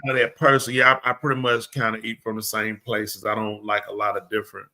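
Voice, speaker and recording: A man's voice: lowish voice, fast. A man, telling stories in a casual chat and acting out the quoted exchanges. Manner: animated, acts out quoted exchanges. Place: live show studio.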